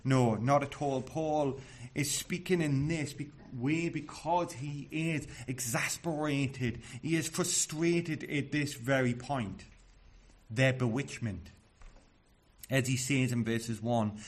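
A man's voice: medium pitch, takes it slowly. A man preaching a sermon in an earnest, emphatic way, often restarting his words.

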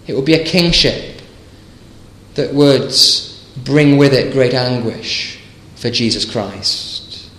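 A man's voice: mid-range voice, slow, long pauses, fairly bright tone, roomy sound, low-quality recording. A man preaching an evening sermon, earnest and emphatic, with stammered restarts and rhetorical questions.

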